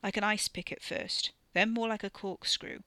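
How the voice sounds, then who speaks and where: A woman voicing a blunt, crude young man, gruff and offhand, read from a storybook. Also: mid-range voice, steady tone, normal speed, bright, forceful tone, no echo, close to an everyday voice. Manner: gruff, offhand, swearing casually.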